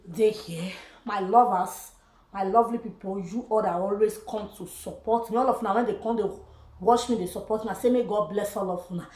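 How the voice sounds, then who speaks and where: A Nigerian woman vlogging a joyful testimony, praising God and slipping into pidgin as she talks. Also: mid-range voice. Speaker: YouTuber. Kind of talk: casual vlog testimony. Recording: echoey room.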